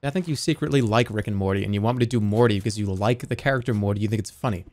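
A man's voice: on the low side, rapid-fire, a little mellow. A man livestreaming who chats casually and sarcastically, talking straight to his viewers. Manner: sarcastic, joking, talks straight to the chat.

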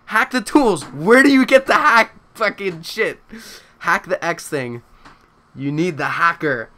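A young male streamer talks through a zombie game in a bright, lively voice that jumps all over his range. He swears constantly and slides from slow, unhurried chatter into panicked yelling. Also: on the high side. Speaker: gaming streamer. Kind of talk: live gameplay commentary.

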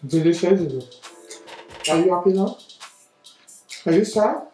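A woman hosting a family vlog from her home table, her voice sitting a little low. She talks in a soft, coaxing way and keeps adding "isn't it?" to her sentences. The room is echoey, with faint music underneath. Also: animated, unhurried. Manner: gentle, coaxing, often adds "isn't it?" tags. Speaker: family vlog host and mother. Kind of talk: casual family vlog chat.

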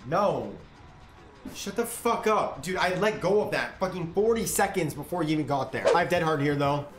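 A young man streaming a video game, swearing, shouting and laughing as he reacts to the match. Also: fairly high pitch, normal speed. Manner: profane, excitable, yells and laughs at the game. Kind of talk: live gameplay commentary.

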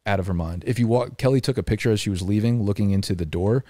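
A young man with a somewhat low voice rambles through a casual podcast rant. He swears freely and sounds exasperated. His voice is recorded close and dry on a studio mic. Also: fast talker, warm tone, dry recording. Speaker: podcast co-host. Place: apartment room.

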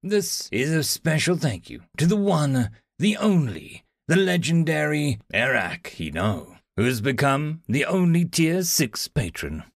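A man narrating a Reddit science fiction story as channel host, with expressive, dramatic delivery. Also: a little high, a little slow, vocal fry, hardly any pauses, no echo, studio quality. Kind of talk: reading Reddit sci-fi story aloud.

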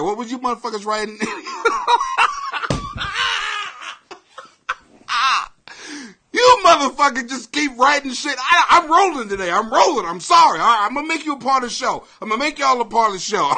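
Man, comedian podcast host, very high voice, lively pitch, excitable, cussing, rambling. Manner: excitable, profane, rambling, apologetic. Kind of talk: live podcast rant to viewers.

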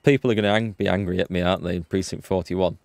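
Brief: male gaming host, lower voice, dry close mic, self-mocking chatter. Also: steady tone, fast, a little mellow, no echo. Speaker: let's play host. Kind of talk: gameplay commentary.

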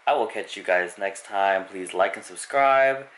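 A young man chatting casually to camera in a vlog, excited and joking, out at a restaurant. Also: low voice, a little slow. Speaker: vlogger. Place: restaurant and car out and about. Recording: loud crowd and noisy ambience.

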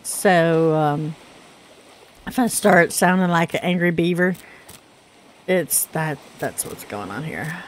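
A woman in her thirties with a Southern US accent, chatting casually through gameplay, her voice rough from congested sinuses. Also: fairly low pitch, slow pace, slight background noise. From Southern United States. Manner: chatty, rambling, self-deprecating with fillers. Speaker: gaming channel host.

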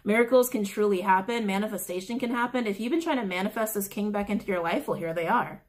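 A woman gives a casual tarot reading to camera, talking fast at a medium pitch. She gushes emotionally, swears casually, and repeats phrases for emphasis.

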